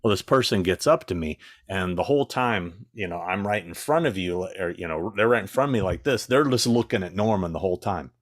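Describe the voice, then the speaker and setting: Deep-voiced man telling blunt stories. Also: expressive, a little fast, hardly any pauses, no room sound, studio quality. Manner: blunt, exasperated storyteller. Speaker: guest. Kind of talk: casual anecdote telling.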